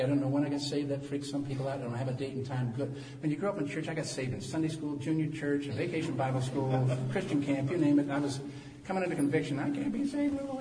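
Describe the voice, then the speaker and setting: A pastor in his sixties preaching an animated sermon that swings from quiet talk to loud preaching, recorded in a church. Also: mid-range voice, noisy background. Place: church sanctuary. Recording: echoey hall from far off.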